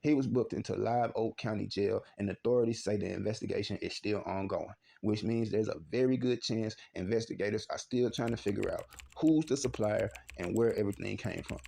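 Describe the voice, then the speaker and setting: A man with a Texan accent hosting a comedic news show, loud and slangy as he jokes through the story. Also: lowish voice, creaky. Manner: loud joking slangy delivery. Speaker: news commentary host.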